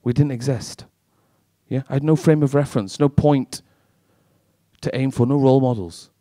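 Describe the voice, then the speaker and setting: Brash stand-up comic. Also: male voice, medium pitch, steady tone, dark tone, dry recording, clean studio sound. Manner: brash, sweary, quick banter with the audience. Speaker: stand-up comedian. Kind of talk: stand-up comedy with crowd work. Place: live comedy venue.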